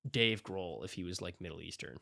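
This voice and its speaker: A young man co-hosting a podcast, telling playful stories and trading deadpan comebacks. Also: sits low, fairly quick, gravelly, no room sound, studio quality. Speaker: podcast co-host. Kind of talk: casual chat.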